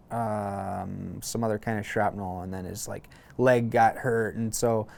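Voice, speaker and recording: A man in his thirties, a former Marine, calmly telling a long personal story in a casual interview, with frequent fillers and restarts. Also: lowish voice, clear, resonant tone. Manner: relaxed, halting, many fillers and restarts.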